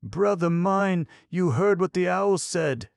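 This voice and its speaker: A frightened young girl calls out, pleading with her brother, as a man reading a storybook puts her on. The voice is gravelly and the recording dry. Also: expressive, a little slow, a little mellow, dry recording, heavily acted. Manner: pleading, raised pitch.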